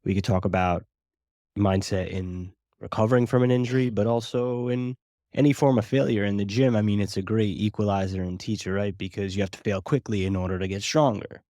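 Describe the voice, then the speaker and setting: A male podcast host with a very low, deep voice asks his guest thoughtful questions at a measured pace. The recording is close and dry, with no room sound. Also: fairly even intonation, mellow, no echo. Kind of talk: interview questions.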